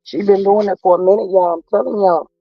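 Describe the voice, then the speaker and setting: A man with a high, gravelly voice drawls through sassy gossip for his live-stream viewers. The sound is dry and close, a little dull and lo-fi, with faint music underneath. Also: steady tone, fast, no echo. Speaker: commentary channel host reading live chat. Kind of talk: casual live-stream commentary.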